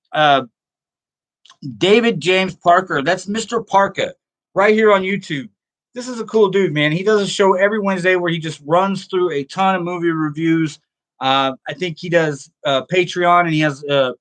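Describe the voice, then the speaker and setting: A man's voice: a little high, a bit bright. Rambling, self-amused male show host. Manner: rambling, self-amused, laughs often at own stories. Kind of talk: casual storytelling and reading viewer comments.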